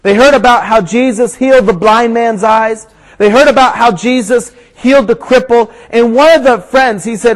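High-voiced preacher telling a story. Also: male voice, normal speed, few pauses, low-quality recording. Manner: animated storyteller, builds to shouts at the climax. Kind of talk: storytelling sermon.

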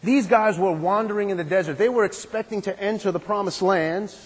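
A man's voice: high-pitched, a little fast. A man preaching a sermon as a pastor, repeating his phrases and asking the congregation rhetorical questions. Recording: long hall reverb.

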